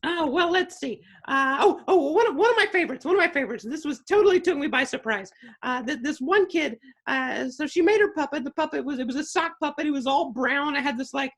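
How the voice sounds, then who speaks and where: A bubbly, giggly dragon puppet, voiced by a man in a high, bright voice. He chats with guests in a playful, upbeat way and loves telling stories. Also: animated, fast, exaggerated voice. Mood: cheerful. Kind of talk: puppet character interview.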